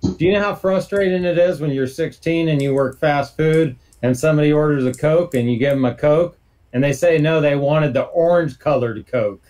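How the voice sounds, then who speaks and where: A man's voice: fairly high pitch, moderate pace, a little mellow. A man chatting casually on a grower panel, joking and telling stories. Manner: joking, storytelling, laid-back. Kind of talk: casual chat.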